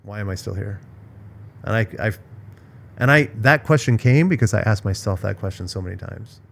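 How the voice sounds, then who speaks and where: A man's voice: lowish voice, lively intonation, normal speed, gravelly. A middle-aged man hosting a casual podcast conversation, speaking frankly and with emphasis, sometimes swearing. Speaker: podcast host.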